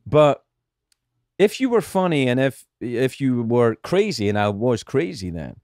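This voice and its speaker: A man's voice: medium pitch, unhurried, dry recording, clean studio sound. A middle-aged Scottish man telling stories in a casual podcast chat, profane and restarting his sentences often. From Scotland. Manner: animated storytelling, profane, frequent restarts. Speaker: guest comedian.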